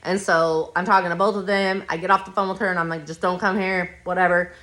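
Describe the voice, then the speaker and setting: A woman's voice: on the low side, level tone, fast, a bit bright. Blunt, profane woman telling a story. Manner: blunt, profane, rambling retelling. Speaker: podcast host. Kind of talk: casual personal storytelling.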